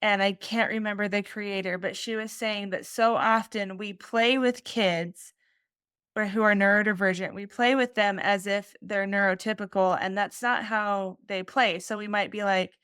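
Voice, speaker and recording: Smooth-voiced woman hosting a podcast. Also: mid-range voice, steady tone, moderate pace, fairly bright tone, no echo, studio quality. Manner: enthusiastic, rambling questions. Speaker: podcast host. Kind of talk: casual interview conversation.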